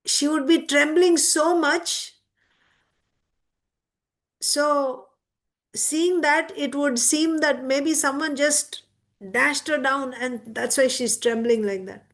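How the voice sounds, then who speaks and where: A woman's voice: high-pitched, steady tone, slow, long pauses, fairly bright tone. A woman giving a devotional scripture class, reciting verses and then explaining them word by word.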